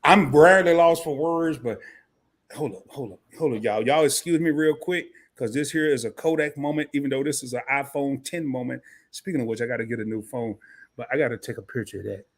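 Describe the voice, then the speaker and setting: A man's voice: medium pitch, fairly quick. A man hosting a casual live-stream chat, joking and talking straight to his viewers while sore from a fall. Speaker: host.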